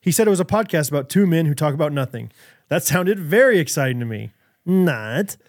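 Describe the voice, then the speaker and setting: American male podcast co-host, higher voice, very lively delivery, laughs a lot, casual banter. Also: fast talker. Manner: animated, laughs often, bursts into loud movie-quote impressions. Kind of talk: casual chat.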